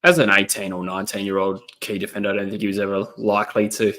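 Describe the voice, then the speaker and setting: A young Australian man hosts a laid-back footy livestream indoors at a laptop, his fairly low voice sharp in tone, quick, and with little pitch movement. He rambles through match commentary and viewer chat with lots of ums, reading messages aloud.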